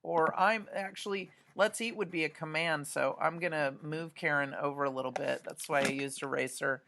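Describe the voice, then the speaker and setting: A woman's voice: low-pitched, steady tone, normal speed, vocal fry, a bit bright, slight background noise. A woman art teacher talks students through a drawing demonstration, chatty and often checking in with "right?".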